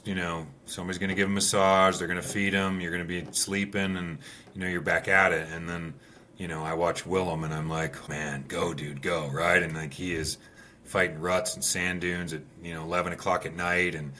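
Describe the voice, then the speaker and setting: A man who races rallies, a podcast guest, telling stories in casual conversation with animated energy. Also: low voice, slight background noise. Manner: animated storyteller. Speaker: podcast guest, rally racer.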